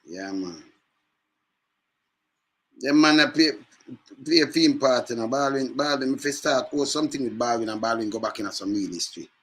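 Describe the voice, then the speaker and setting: A man chatting casually in patois, telling animated stories with lively jumps in pitch. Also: normal speed, pauses often, breathy edge. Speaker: speaker in a reggae scene video.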